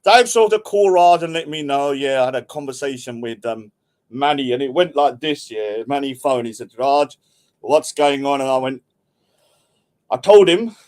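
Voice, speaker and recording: A man's voice: medium pitch, normal speed, darkish tone. A middle-aged man, casually rambling and joking while he hosts a livestream and reads out chat. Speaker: livestream host.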